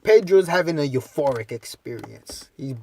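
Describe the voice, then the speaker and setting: A man's voice: a little high, animated, normal speed, darkish tone. A young man co-hosting a podcast, rambling through a story in casual, profane talk. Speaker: podcast co-host.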